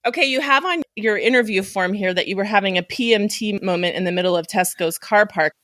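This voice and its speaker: A woman's voice: mid-range voice, fairly quick, a bit bright, dry recording. Lady podcast host, giggly and encouraging, dry close sound. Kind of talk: casual interview chat.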